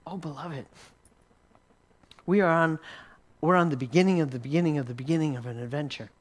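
Man, sermon storytelling, fairly high voice, stammering repeats, frequent chuckles. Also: quick pace. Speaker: Christian teacher.

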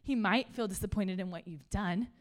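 A woman, preaching a sermon in a conversational, animated way and laughing often. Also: mid-range voice, moderate pace. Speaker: pastor.

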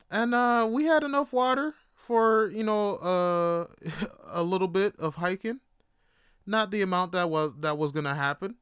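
A man's voice: sits high, expressive, unhurried, fairly bright tone, clean tone, dry recording, clean studio sound. A man from Jamaica telling a personal story in a casual, profane way, laughing and restarting as he goes. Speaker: podcast host.

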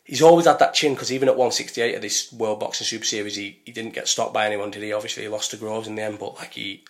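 A young man talks in loose, opinionated podcast chat. He swears often and keeps breaking off and restarting his sentences. His voice sits a little low. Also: fairly even intonation, fast talker. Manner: blunt, opinionated, swears freely, many restarts. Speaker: podcast co-host. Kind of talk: casual chat.

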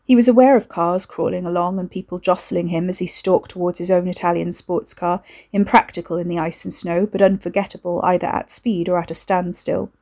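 A woman with a fairly low voice narrates a novel as an audiobook reader. Her scripted storytelling stays even and measured.

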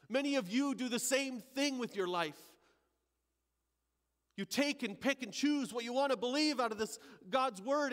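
A male pastor playing a repentant thief dying on a cross, in a dramatic first-person monologue at a church service, halting and emotional, moving from hushed remorse to crying out. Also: sits high, big-room sound.

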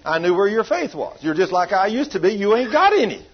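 This preacher's voice is high-pitched, brisk, and very animated as he tells a healing story to his church in an emphatic, folksy manner. The sermon-style storytelling takes place in a church hall and comes through a dull lo-fi recording.

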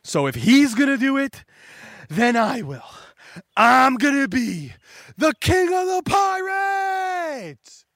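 A man doing a loud, boastful clown pirate captain who rallies his crew in big yelling speeches. The voice sits high and leaps all over its range. It is recorded close and dry. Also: big pitch swings, slow pace, dry recording, exaggerated voice. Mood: rousing. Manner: bombastic rallying speeches, yells.

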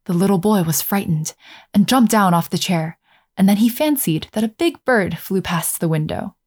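A woman narrating a fairy tale in a gentle, measured storytelling manner. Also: mid-range voice, lively intonation, slightly rough.

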